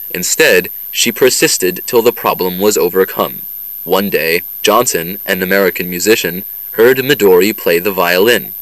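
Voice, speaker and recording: Deep-voiced man reading a test passage. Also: a bit bright, dry recording, low-quality recording. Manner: slow, measured reading. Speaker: narrator of a listening test. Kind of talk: scripted narration.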